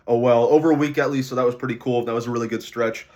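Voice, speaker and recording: A tired man records a casual diary vlog about his weight loss. He sounds drained from lack of sleep and rambles along with lots of fillers. His voice sits at an ordinary middle pitch. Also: steady tone, racing, darkish tone. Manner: low-energy, rambling with many fillers.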